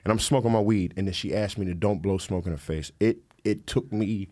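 A man co-hosting a podcast, telling a comedic story and acting out both sides of the argument. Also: fairly quick. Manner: animated, acts out both sides of a story with loud high bursts. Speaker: podcast co-host.

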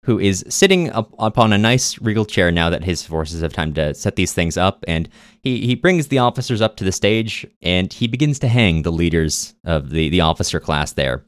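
Low-voiced guy summing up a book plot, dry wry humor, very dead close mic. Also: animated, normal speed, no room sound. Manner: wry, dry asides while retelling. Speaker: podcast co-host. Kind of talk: casual book recap.

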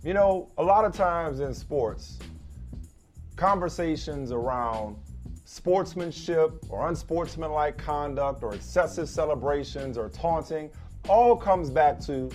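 A man hosting a sports debate show, venting in exaggerated mock outrage and shouting at times. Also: a little high, animated, unhurried, soft background music. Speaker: sports talk show host.

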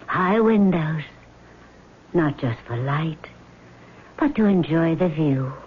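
Vengeful woman ghost, slow and measured, whispery, old radio play, tinny broadcast sound. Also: deep voice, lively intonation, slight background noise. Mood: cold, menacing. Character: vengeful female ghost, cold and scheming. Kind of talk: 1970s radio drama acting.

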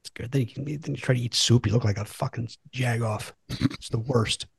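A man's voice: medium pitch, fairly even intonation, fairly quick, gravelly, husky, no room sound, studio quality. A man hosting a podcast, chatting casually and teasing his guests with questions. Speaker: podcast host. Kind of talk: casual chat.

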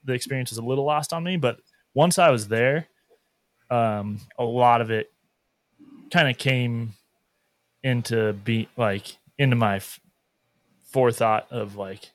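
A man, a guest on a podcast, talking casually and haltingly as he searches for words. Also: mid-range voice, steady tone, dry recording.

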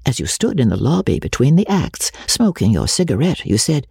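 A woman with a husky voice narrating a novel in a measured, expressive way. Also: rumbling low, no room sound, studio quality. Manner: measured, expressive literary reading. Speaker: audiobook narrator. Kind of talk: scripted narration.

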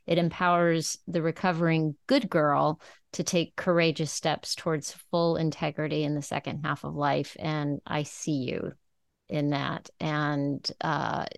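A woman's voice: low-pitched, little pitch movement, measured pace, gravelly, no room sound. A woman hosting a podcast interview, affirming and emotionally moved by her guest. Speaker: podcast host. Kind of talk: conversational interview.

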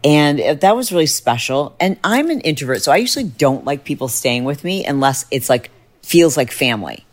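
A middle-aged woman hosting a podcast, chatting casually and telling a story with lively jumps in pitch when excited. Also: brisk. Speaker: podcast host. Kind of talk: casual chat.

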